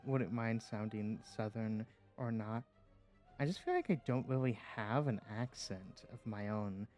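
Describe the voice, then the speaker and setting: Guy streaming a game, middle-pitched, chatty and rambly, lots of ums, faint music behind. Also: dark tone. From Appalachian United States. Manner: rambling and hesitant, with many fillers and little laughs. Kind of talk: casual chat while streaming a game.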